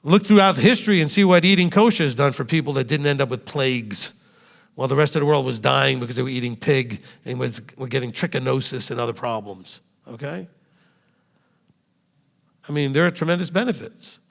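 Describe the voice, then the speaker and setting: Here the rabbi's voice is mid-range, creaky and a little fast. He delivers a lively sermon to his congregation in a meeting room, posing rhetorical questions directly to them, with long hall reverb on the recording.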